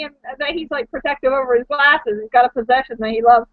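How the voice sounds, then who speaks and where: A woman's voice: high voice, fast talker, few pauses, no room sound. A woman in a casual fan chat, chatty and gushing, often giggling. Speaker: podcast co-host. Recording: dull dry lo-fi recording.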